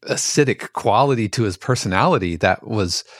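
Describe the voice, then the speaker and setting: A man's voice: lowish voice, moderate pace, fairly bright tone, no echo, studio quality. A man guest in a casual conversation, telling a story with lots of hesitation and fillers.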